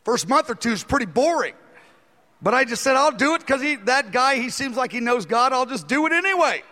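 A man with a very high, pushed, bright voice preaches a sermon a little fast, his intonation lively. He tells a story and animatedly acts out its dialogue, with long hall reverb on the recording.

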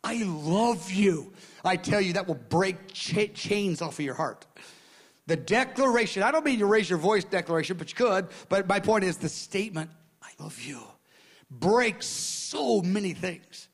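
Delivering an earnest sermon, this man repeats phrases and shifts from hushed murmurs to loud bursts. He speaks at a moderate pace in a high, animated voice.

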